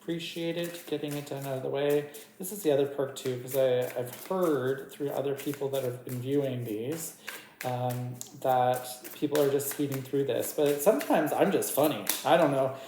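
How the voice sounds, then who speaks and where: Woman tarot reader, deep voice, chatty and giggly, faint hiss in an echoey room. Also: moderate pace, mellow. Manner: chatty, giggly, talks to her cards. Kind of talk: casual tarot reading.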